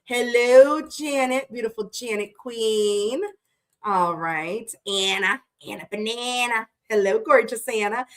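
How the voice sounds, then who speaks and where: A woman's voice: a little high, slow pace. A woman hosting a tarot livestream, greeting her chat viewers one by one in a chatty, playful way that swears freely, and she sounds tired.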